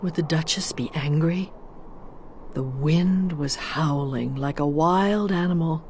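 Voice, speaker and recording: A woman reading a children's storybook aloud in an expressive, deliberate way. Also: deep voice, a little hiss or hum. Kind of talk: storybook narration.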